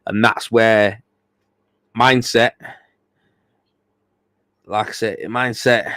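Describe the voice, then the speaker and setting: A tired man chatting loosely on a livestream podcast, rambling and swearing as he goes. His voice sits fairly low, and the sound is close and dry, with no room around it. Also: fairly even intonation, very slow, pushed and bright, dry recording. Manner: blunt, swears freely, rambling with repeated fillers. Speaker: podcast host. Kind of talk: casual livestream chat.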